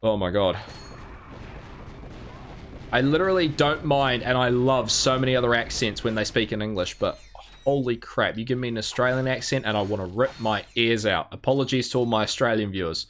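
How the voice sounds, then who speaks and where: A man's voice: medium pitch, a little fast, fairly bright tone, a little hiss or hum. A man from New Zealand chatting casually while streaming a game, rambling and self-mocking with many restarts. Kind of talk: casual gameplay chat.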